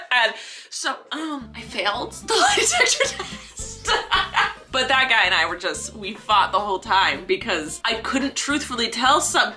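A young woman chatting to her camera in a casual vlog, her bright voice swooping up and down as she acts out both sides of a story. She laughs often. Soft music plays faintly behind her. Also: fairly high pitch, expressive, fairly quick. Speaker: vlogger.

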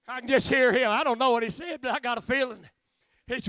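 A man preaching a revival sermon as guest preacher, telling folksy stories that break into shouting. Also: extremely high pitch, fairly quick, clean tone, no room sound. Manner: folksy storytelling, bursts of shouting.

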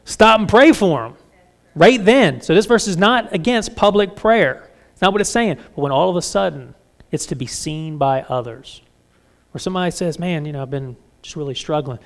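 Candid preacher man, slightly high voice. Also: moderate pace, creaky. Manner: candid, self-deprecating, lively asides. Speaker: pastor. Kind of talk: conversational sermon.

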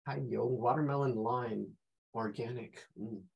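Drawing teacher, male, gravelly, slow, losing his voice, casual and chatty. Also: mid-range voice, fairly even intonation, lo-fi sound. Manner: casual, hums and talks to himself while sketching. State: losing his voice, clearing his throat. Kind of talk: live online drawing class.

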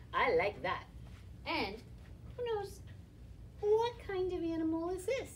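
High, slow singsong librarian woman. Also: huge pitch swings, recorded from a distance, a little hiss or hum. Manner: sing-song, encouraging, speaks to small children. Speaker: children's librarian. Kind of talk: storytime songs and rhymes for toddlers. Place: library room, indoors.

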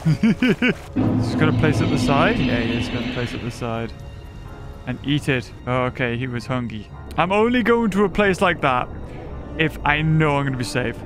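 High, lively man over game music. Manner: chatty, giggly, talks to the creatures on screen. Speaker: gaming YouTuber. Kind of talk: casual gameplay commentary.

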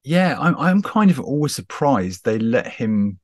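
A man guesting on a podcast, talking animatedly and poking fun at himself, with lots of quick restarts. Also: mid-range voice, dry recording, studio quality. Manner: animated, self-deprecating, full of quick restarts. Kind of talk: casual chat. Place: video call.

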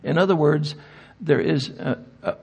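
Older male conference speaker, gravelly, slightly raised pitch, emphatic rhetorical style. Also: a little slow, darkish tone. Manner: emphatic, asks rhetorical questions. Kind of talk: lecture answering audience questions. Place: conference hall.

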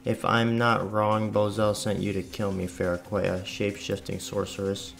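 A young female half-demon warrior answers her foes calmly and dryly, read aloud by a man. The voice is low and gravelly. Faint game music runs behind. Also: unhurried. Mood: cool. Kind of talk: reading game dialogue aloud.

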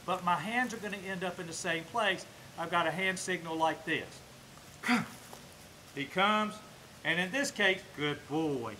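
Bright, high Southern man training a dog. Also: slight background noise. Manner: explains to camera while working a dog, switching to short commands. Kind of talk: outdoor training demonstration. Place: outdoors.

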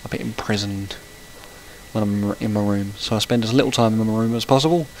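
A man's voice: lowish voice, fairly even intonation, brisk, darkish tone, slight background noise, rough recording. A man giving casual let's-play commentary, rambling and chatty and breaking off to react to the game. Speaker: gaming channel host.

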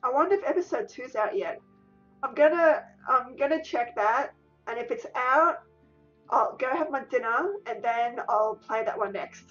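A woman's voice: a little high, expressive, moderate pace, a bit bright, soft background music. A woman doing let's-play commentary, emotional and exclamatory, often repeating the same exclamations. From Australia. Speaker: gaming YouTuber. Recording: distant, dull lo-fi mic.

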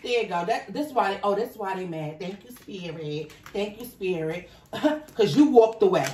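A woman's voice: mid-range voice, animated, moderate pace, a little mellow, roomy sound. A woman giving a spoken tarot reading, repeating herself emphatically and talking to Spirit and the viewer. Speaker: tarot reader.

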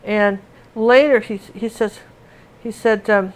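A woman's voice: mid-range voice, normal speed. A middle-aged woman teaching painting in a casual, rambling, chatty way with many fillers and restarts. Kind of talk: casual tutorial chat while painting.

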